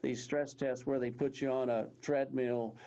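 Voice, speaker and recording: A man's voice: medium pitch, little pitch movement, normal speed, mellow, highs cut off. A man in his sixties from Texas with a Texan accent, a guest telling a rambling, folksy personal story and acting out what others said. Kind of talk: storytelling in an interview.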